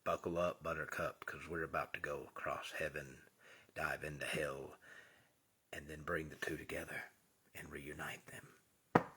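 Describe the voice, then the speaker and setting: A man's voice: extremely low pitch, flat delivery, measured pace, bright, forceful tone, slight background noise. A man giving an earnest, casual spiritual monologue as host, often dropping to a whisper for emphasis.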